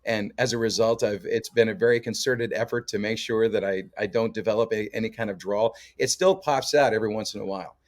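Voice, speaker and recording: A man's voice: on the low side, fairly quick, few pauses. A man from Canada, a guest co-host and musician, chatting casually in a jokey storytelling way with lots of fillers. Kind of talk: casual podcast chat.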